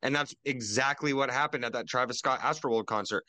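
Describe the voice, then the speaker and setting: A young man co-hosting a podcast over a video call, ranting and swearing in casual chat, jumping into loud mocking quotes. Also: medium pitch, fairly quick, no room sound. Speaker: podcast co-host.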